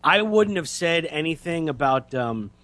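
A man co-hosting a casual talk show, his voice a little higher than most men's. He speaks reflectively and haltingly, often repeating words as he works through a memory, recorded dry and close. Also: animated, fairly bright tone, no room sound. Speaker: radio show co-host. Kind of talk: casual podcast chat.

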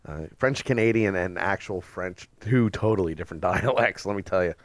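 A man in casual podcast chat, agreeable and quick to laugh. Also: sits low, no echo.

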